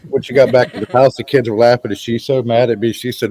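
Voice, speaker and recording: A man co-hosting a casual podcast, telling a relaxed story. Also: mid-range voice, fast. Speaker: podcast co-host. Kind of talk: casual chat.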